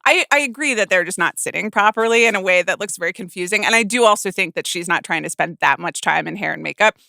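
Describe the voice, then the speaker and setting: Bright-voiced woman chatting on a podcast. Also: mid-range voice, fast talker, creaky, no room sound. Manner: chatty, agreeable, lots of fillers. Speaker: podcast host. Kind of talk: casual chat.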